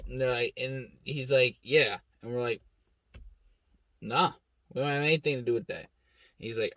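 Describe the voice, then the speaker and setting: A young man hosting his own show, telling a story in a blunt, heavily profane, animated way and acting out the people he quotes. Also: mid-range voice, normal speed, pauses often, no room sound. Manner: acts out quoted lines with raised shouting voice. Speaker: host. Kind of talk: casual storytelling monologue.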